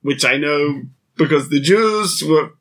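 A man's voice: fairly high pitch, a little slow. A man doing improvised comic storytelling, playful and theatrical, often laughing.

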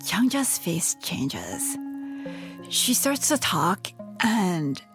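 A woman in her thirties recounts her own experience in a casual, chatty way, peppering her sentences with "like" and restarting them often. Her pitch swings about with lively animation, and music plays underneath. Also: drawn-out words. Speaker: radio reporter telling her own story. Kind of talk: casual storytelling.

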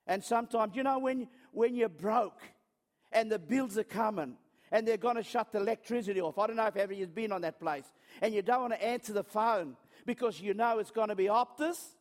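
A man's voice: high voice, a little fast, big-room sound. A man preaching a sermon through chatty, self-mocking stories, often stopping and restarting his sentences. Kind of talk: storytelling sermon.

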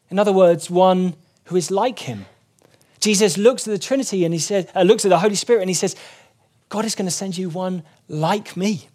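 Earnest, fairly high-voiced male preacher. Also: darkish tone. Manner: earnest, emphatic, voice rising when quoting scripture. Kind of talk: sermon.

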